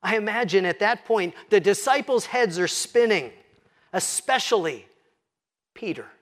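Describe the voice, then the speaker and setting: A man preaching a sermon as pastor, slowing down and dropping to a hush when quoting scripture. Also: high-pitched. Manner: expressive, slows and drops to a hush for quoted scripture.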